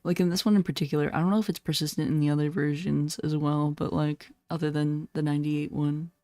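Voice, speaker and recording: A woman with a low, mellow voice gives loose, blunt commentary while she streams a horror game, swearing freely and laughing often. Her voice sounds slightly hoarse. Faint game music plays behind her on a dry, close recording. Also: level tone, fast, no room sound. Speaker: VTuber streamer. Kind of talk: casual gameplay commentary.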